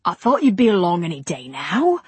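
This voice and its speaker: A woman's voice: fairly low pitch, wildly swooping pitch, fairly quick, husky, no room sound, heavily acted. Woman putting on a brash Cockney film director. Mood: pushy. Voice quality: forceful, a little too compelling. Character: brash film director man, pushy and compelling.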